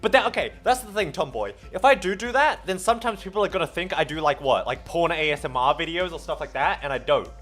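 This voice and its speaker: An Australian man streaming, chatting casually with his viewers in an animated, playful way and swearing often. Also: a little high, quick pace, hardly any pauses, soft background music. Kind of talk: casual livestream chat with viewers.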